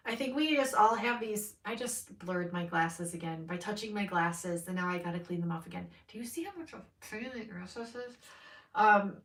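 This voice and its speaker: A woman with a medium-pitched, fairly bright voice hosts a live tarot card reading. Her chat is rambling and candid, full of swearing and frequent laughter, and a mic placed at a distance gives it a roomy sound.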